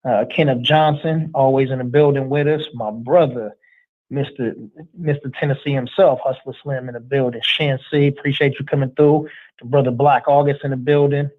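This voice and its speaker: A man's voice: medium pitch, normal speed. Man on a tinny phone-like line. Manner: relaxed, streetwise slang. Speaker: livestream host. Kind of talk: casual chat, reading out viewer shout-outs.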